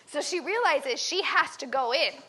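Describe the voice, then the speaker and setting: A woman telling a dramatic story to children at camp, animated and asking them questions. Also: high-pitched, moderate pace, a little hiss or hum. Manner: animated, dramatic, quizzes the listeners. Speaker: camp teacher.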